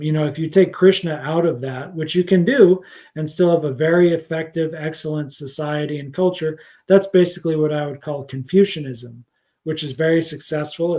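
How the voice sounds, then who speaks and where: Rambling man teaching scripture, mellow voice. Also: on the high side, brisk. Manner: rambling, many fillers, thinks aloud. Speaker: spiritual teacher. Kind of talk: casual livestream scripture lesson.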